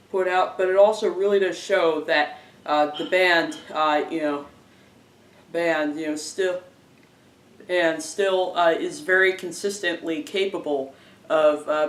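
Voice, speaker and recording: A man giving a casual spoken album review, halting often with fillers and restarting his phrases. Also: fairly high pitch, fairly bright tone. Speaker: music reviewer. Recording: roomy, distant from the mic.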